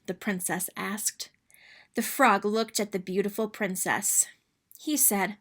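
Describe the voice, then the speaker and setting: A woman reads aloud from a children's picture book, her delivery sing-song and expressive. She speaks slowly at a medium pitch.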